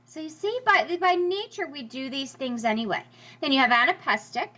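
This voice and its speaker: A bright, high-pitched woman teaching a class, her voice bouncing up and down as she sounds out rhythms. The recording is a little dull and lo-fi. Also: normal speed. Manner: lively, emphatic, sing-song stress demonstrations. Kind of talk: classroom lecture over slides.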